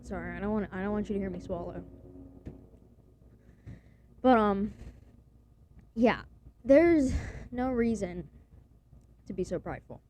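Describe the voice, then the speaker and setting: A woman's voice: medium pitch, measured pace, pauses often, warm tone, a little hiss or hum. A young woman vlogging in a blunt, rambling rant full of slang and swearing. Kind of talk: casual profane rant to camera.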